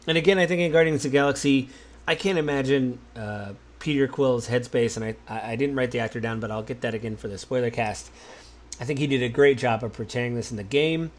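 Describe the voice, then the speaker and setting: A married man hosting a podcast, talking in a relaxed, musing way, with many fillers and restarts. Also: mid-range voice. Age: adult, married. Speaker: podcast host. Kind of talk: casual solo podcast talk.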